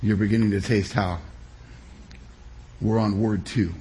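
Man preaching with measured emphasis. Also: lowish voice, fairly even intonation, warm tone, slight background noise. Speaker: pastor. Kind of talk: sermon.

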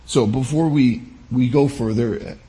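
In a mid-range male voice with a dark tone, the pastor gives a sermon, measured and emphatic, punctuated by deliberate pauses.

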